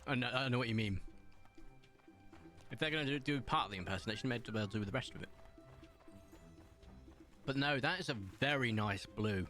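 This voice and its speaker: A man's voice: mid-range voice, fairly quick, pauses often, a bit bright, faint music behind. A man from England, chatting casually with his live-stream chat while gaming and laughing often. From southern England.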